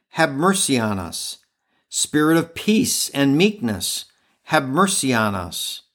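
Guy reading prayers real slow and reverent, steady calm delivery. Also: on the high side. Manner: measured, reverent recitation. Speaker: podcast prayer leader.

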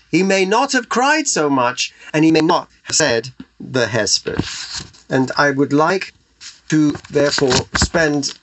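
A man's voice: mid-range voice, fairly bright tone. A man giving a Torah lecture over a video call, asking rhetorical questions and weaving in Hebrew terms. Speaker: Torah teacher.

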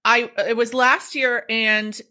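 A woman hosting a podcast, telling a story in a casual, profane, animated way and acting out the quotes. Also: a little high, slow pace. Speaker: podcast host.

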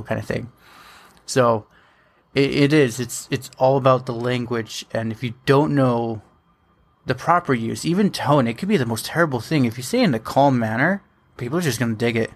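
A man hosting a podcast, chatting in a relaxed way and thinking aloud as he goes. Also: mid-range voice, brisk. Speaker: podcast host. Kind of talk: casual podcast chat.

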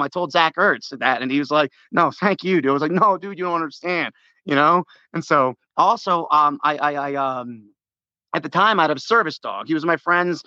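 A man's voice: on the high side, dry recording, muffled recording. A middle-aged man from the United States, calling a sports radio show and telling a long, rambling story full of restarts. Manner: rambling, animated, frequent restarts and laughs. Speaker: caller.

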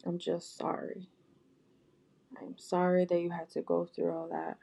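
A vlogger speaks gently and softly straight to her viewers, offering heartfelt apologies and comfort. Her low, gravelly, husky voice stays dark and mellow, with a completely flat delivery at a measured pace, and she keeps restarting and repeating phrases.

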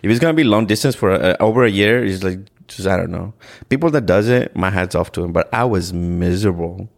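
Deep gravelly man. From Ecuador. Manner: earnest, halting, with repeated restarts and "like". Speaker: podcast guest. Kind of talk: candid storytelling in conversation.

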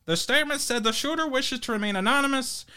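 A man's voice: very high voice, fast, sharp tone, clean tone. A man with a New Jersey accent hosting a parody podcast, reading articles aloud with stumbles and crude jokes. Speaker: podcast host.

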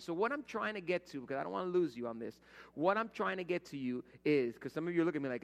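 A man's voice: mid-range voice, lively intonation, fast talker, creaky. A middle-aged man preaching a conversational sermon as pastor, telling everyday stories and acting out the voices he quotes. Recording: long hall reverb.

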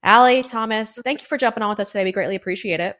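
A woman's voice: medium pitch, very fast, a bit bright, a little hiss or hum. A woman hosting a political talk show, speaking in an emphatic conversational way with many fillers. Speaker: show host. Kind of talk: opinionated political commentary.

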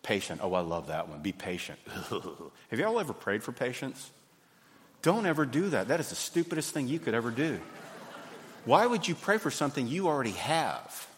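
A man, preaching a sermon in a folksy, animated way. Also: medium pitch, moderate pace, a little hiss or hum. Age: 50s. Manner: folksy, animated, acts out little scenes. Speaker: pastor. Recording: hall reverb.

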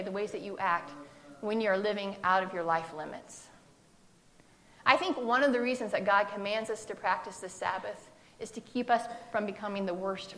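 Conversational woman preaching a sermon. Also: mid-range voice. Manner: conversational, animated, acts out quotes with humor.

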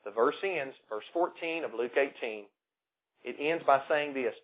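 Southern preacher man on a tinny line. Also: a little slow. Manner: preachy, swelling louder on key words then dropping low. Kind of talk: sermon. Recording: tinny phone-like recording.

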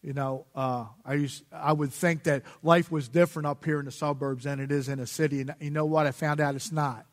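A man gives his testimony from the pulpit in a relaxed, plain-spoken way, slipping into street slang and chuckling at himself. His voice sits a little high for a man. The sound carries a long echo from the church sanctuary. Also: fairly quick, few pauses. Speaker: guest speaker giving testimony in church. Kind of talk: sermon testimony. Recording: long reverb of a church hall.

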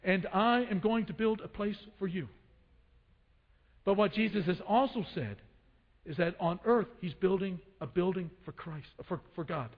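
A man with a high voice preaches a sermon, calling out to the congregation for answers and hammering his points home by repeating them. His voice rings through a church hall with long reverb. The sound is dull and muffled. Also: normal speed. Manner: call-and-response preaching, repeats phrases for emphasis. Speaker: pastor. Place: church sanctuary.

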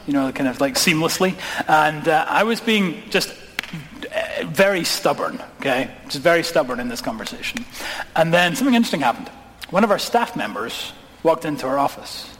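Male pastor, sermon, fairly high voice, long hall reverb, slows and drops low on key words. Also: a bit bright. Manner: dramatic slowing and dropping voice on key words; engaging questions to the congregation.

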